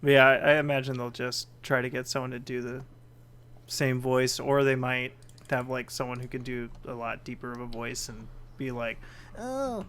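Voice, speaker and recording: A man's voice: medium pitch, moderate pace, clear, resonant tone. Joking, swearing man on a podcast. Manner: animated, joking and swearing, laughs often. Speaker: podcast editor and guest. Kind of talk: casual chat.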